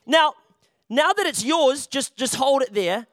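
Casting note: lively, jokey male youth preacher with a high, bright voice. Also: unhurried, no echo, clean studio sound. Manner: chatty, jokey, often restarts phrases. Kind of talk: playful youth sermon with a volunteer.

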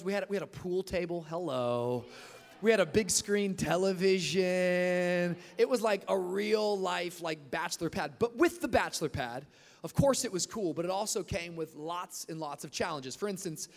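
A young man preaching a sermon, telling a story with energy and sometimes shouting. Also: high voice. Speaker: pastor. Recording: long reverb of a large hall.

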